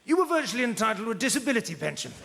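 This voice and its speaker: A man doing stand-up with an educated southern English accent and a dry, deadpan, self-deprecating delivery. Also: very high-pitched, very fast, creaky, heavy background noise. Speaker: stand-up comedian. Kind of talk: stand-up routine. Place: large theatre with live audience. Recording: echoey theatre with loud crowd laughter.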